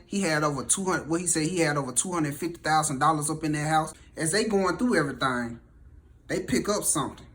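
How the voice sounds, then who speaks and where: Southern man telling a true story. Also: on the high side. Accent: Southern American. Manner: animated, acts out every voice. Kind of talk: casual storytelling.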